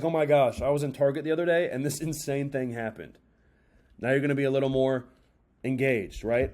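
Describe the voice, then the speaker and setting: A young man giving casual storytelling tips, energetic and expressive, acting out short example stories with shifting emphasis and pacing. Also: medium pitch. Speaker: storytelling coach. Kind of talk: casual instructional talk.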